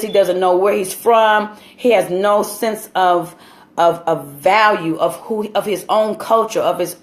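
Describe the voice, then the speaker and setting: A woman hosting her own show, talking straight to viewers in an impassioned, preachy monologue full of "you know" fillers. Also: mid-range voice. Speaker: show host.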